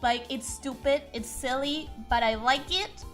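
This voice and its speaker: A woman whose first language is Spanish, speaking English with a Spanish accent as she chats casually on a livestream and reads chat aloud, rambling and thinking out loud. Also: sits high, unhurried, faint music behind. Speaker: streamer.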